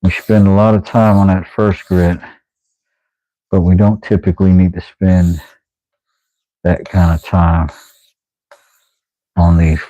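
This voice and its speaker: A man's voice: flat delivery, slow, pauses often, warm tone, no room sound. A middle-aged man hosting a casual woodworking livestream, chatting playfully while he sharpens a blade. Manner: playful, drifts into silly high sing-song voices. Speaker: woodworking channel host.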